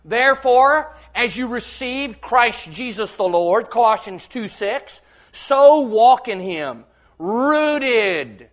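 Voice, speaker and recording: A man preaching slowly and deliberately, letting each phrase land before the next. He reads scripture aloud with verse references, then drives his points home in loud, repeated declarations. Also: very high voice, animated. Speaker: pastor. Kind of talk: sermon.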